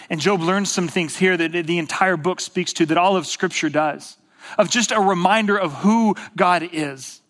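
A male pastor speaks in a sermon with an easy, chatty storytelling flow. His voice sits a little high, and a long reverb trails each phrase through the big sanctuary. He swings from emphatic bursts down to near-whispered quiet. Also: moderate pace. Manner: conversational storytelling, rises to emphatic bursts, drops to hushed quiet. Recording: long reverb of a large hall.

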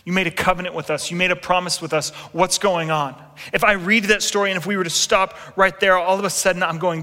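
A man in his thirties preaching a sermon with animated storytelling, acting out quotes and making asides to his congregation. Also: high voice, fast, hardly any pauses. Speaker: pastor. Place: large church hall. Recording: long reverb in a big hall.

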